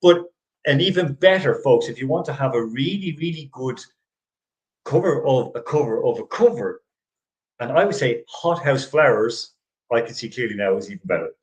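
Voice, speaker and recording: A man's voice: medium pitch, lively intonation, moderate pace, rough recording. A middle-aged man hosting a casual sports chat show, rambling with frequent restarts and easy laughter. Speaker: host.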